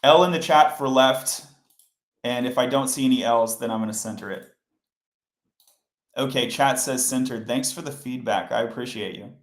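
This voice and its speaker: Casting note: male livestream coding host, mid-pitched, casual and explanatory, recorded in a roomy space. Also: normal speed. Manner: chatty, explains step by step, talks to chat. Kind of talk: casual live coding tutorial. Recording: roomy echo.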